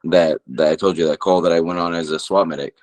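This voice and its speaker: A man's voice: low-pitched, fairly even intonation, fast talker, a little mellow. A man co-hosting a podcast, telling a story in casual chat with rambling, profane speech. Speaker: podcast co-host.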